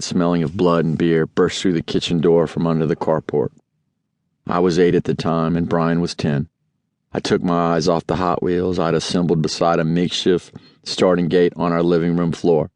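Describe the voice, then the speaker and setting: A man reading a memoir aloud as an audiobook narrator, in a measured, deliberate way. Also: low-pitched, darkish tone, no echo, studio quality.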